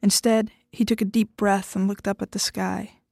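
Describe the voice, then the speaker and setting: A woman's voice: mid-range voice, flat delivery, moderate pace, gravelly, a little mellow, no room sound. Woman reading a story, dry and close. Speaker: story reader. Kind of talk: reading fiction aloud.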